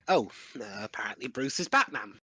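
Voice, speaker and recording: A man's voice: mid-range voice, lively intonation, normal speed, sharp tone, slightly rough, no echo. Joking man with a dry close mic. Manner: joking, laughing often. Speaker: commentary group member. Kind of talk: casual movie commentary.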